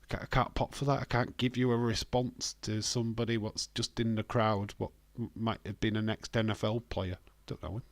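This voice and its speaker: A man's voice: on the low side, flat delivery, normal speed, few pauses, dry recording. A British man hosting a live watch-along, giving casual, blunt commentary and swearing freely. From Britain.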